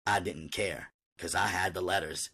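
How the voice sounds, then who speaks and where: A man's voice: low voice, steady tone, moderate pace, pushed and bright, breathy edge. A man reading an audiobook aloud in first-person narration.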